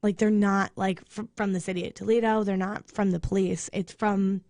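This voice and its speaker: A woman radio co-host ranting and swearing in casual chat, fired up and talking fast. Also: mid-range voice, little pitch movement, darkish tone, no room sound, studio quality. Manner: angry venting, swearing, rapid rants.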